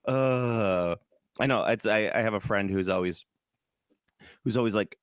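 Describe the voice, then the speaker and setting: A man from Chicago with a lowish voice, chatting on a podcast. He rambles and jokes, swears freely and often breaks into mock voices. The sound is close and dry. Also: a little slow, long pauses, clear, resonant tone, no room sound. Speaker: podcast co-host. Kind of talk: casual chat.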